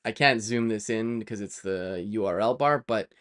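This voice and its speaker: A man's voice: lowish voice, moderate pace, a bit bright. A man talking casually while he codes on a live stream, rambling with lots of fillers and self-corrections and wandering off on playful side tangents. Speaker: developer live-streaming his work.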